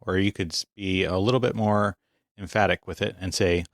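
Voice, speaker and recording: A man co-hosting a podcast, talking casually in a measured, teasing way and asking questions. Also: deep voice, fairly even intonation, dry recording, clean studio sound. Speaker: podcast co-host. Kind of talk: casual chat.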